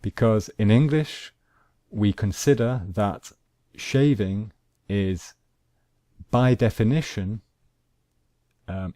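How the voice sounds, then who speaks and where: Male teacher, low voice, measured and unhurried grammar lesson, dry close sound. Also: warm tone, no room sound. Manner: slow, deliberate, repeats examples. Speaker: English teacher.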